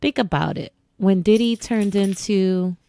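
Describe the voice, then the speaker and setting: A woman's voice: medium pitch, unhurried, dark tone. A woman co-hosting a podcast in casual chat, laid-back and slangy in her talk. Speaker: podcast co-host.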